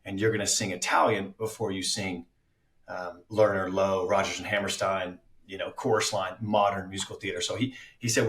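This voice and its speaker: A man with a fairly low voice talks about his acting craft in a relaxed podcast chat. He is reflective and often stops to restart his thoughts. The sound carries a noticeable room echo. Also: moderate pace, recorded from a distance. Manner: reflective, with many fillers and restarts. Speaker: actor guest. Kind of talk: casual podcast interview.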